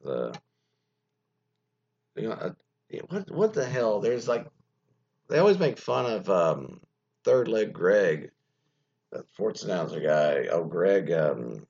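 Rambling male radio host, gravelly voice. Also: low-pitched, big pitch swings, slow, pauses often, darkish tone. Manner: rambling, loses his thread, lots of fillers and asides; mocking, profane asides. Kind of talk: casual solo radio talk, reading an article aloud. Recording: dull lo-fi sound.

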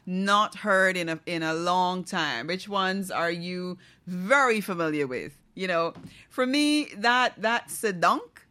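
A woman's voice: fairly low pitch, lively intonation, slow, bright, forceful tone. A woman hosting a morning radio show, chatting and asking listeners questions. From Guyana. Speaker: radio host.

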